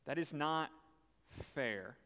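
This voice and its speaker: An incredulous worker cries out against unfair pay, as a preacher acts him out. The voice leaps up high and swings all over. A long reverb trails every exclamation. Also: male voice, animated, slow, a bit bright, exaggerated voice. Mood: indignant. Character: indignant day laborer, adult man, greedy then outraged.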